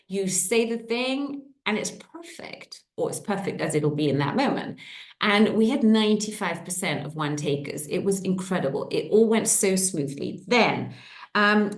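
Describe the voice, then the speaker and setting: A middle-aged woman tells stories to her online group in a casual, animated way. Her pitch swings widely as she talks. The room around her gives the voice a clear echo. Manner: lively storytelling with quick pitch jumps. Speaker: coach.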